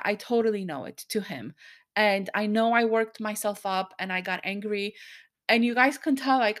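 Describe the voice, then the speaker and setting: An angry woman speaks straight to her podcast listeners in a personal monologue, still worked up and frustrated. Her talk comes in bursts, broken by quick asides. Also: medium pitch. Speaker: podcast host.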